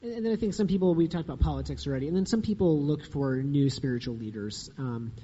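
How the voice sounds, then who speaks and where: A man being interviewed as an author, explaining his ideas in an earnest, lively way. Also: a little high, husky. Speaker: guest author. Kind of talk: casual conversational interview. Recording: dull sound with long reverb.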